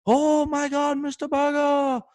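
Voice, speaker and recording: A man putting on a gushing, high-pitched shopkeeper. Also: completely flat delivery, measured pace, a little mellow, dry recording, clean studio sound. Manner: effusive, high-pitched greeting. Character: overly familiar male liquor store owner, gushing.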